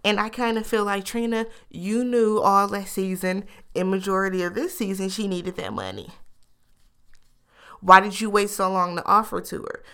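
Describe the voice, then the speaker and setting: A woman recapping a reality show in casual chat, animated and laughing, with incredulous asides. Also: mid-range voice, normal speed, smooth.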